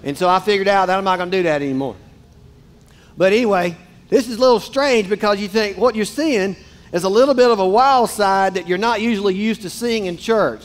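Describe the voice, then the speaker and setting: A man's voice: sits high, brisk. A man, preaching a casual, joking sermon straight to his congregation in a church. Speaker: pastor. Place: church sanctuary.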